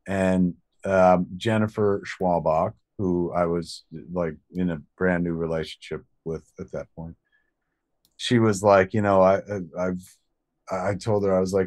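A man co-hosting a podcast, telling a long story in a rambling, profane, animated way. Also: sits low, unhurried. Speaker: podcast co-host. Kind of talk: casual storytelling chat.

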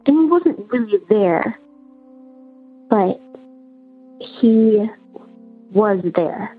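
A woman caller telling a personal story in an earnest, halting, repetitive way over the phone. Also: medium pitch, expressive, slightly rough. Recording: tinny phone line with faint music.

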